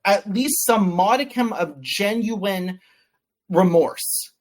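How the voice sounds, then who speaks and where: A man's voice: sits high, takes it slowly. Male interview guest, casual storyteller, acts out quotes with animation. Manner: animated, quoting others in acted voices.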